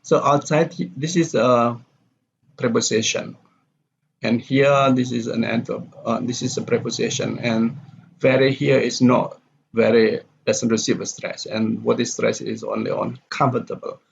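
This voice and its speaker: A man's voice: mid-range voice, steady tone, unhurried, vocal fry. A man teaching a pronunciation lesson, reading example sentences aloud and then explaining which words take stress. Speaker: pronunciation lecturer. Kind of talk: classroom lecture on word stress. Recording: dull, lo-fi with faint background noise.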